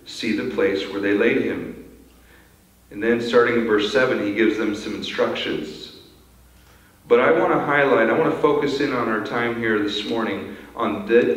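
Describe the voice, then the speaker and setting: Man preaching in an echoey church. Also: fairly low pitch. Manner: earnest, repeats words when starting sentences. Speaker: pastor. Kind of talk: sermon. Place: church sanctuary. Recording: very echoey church hall, mic from far off.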